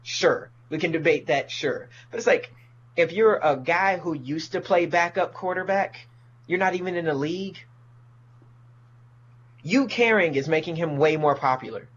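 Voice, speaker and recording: A man's voice: fairly high pitch, normal speed, fairly bright tone, highs cut off, a little hiss or hum. A man, a comedian, ranting profanely in casual podcast talk and mocking people in put-on voices. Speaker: comedian guest.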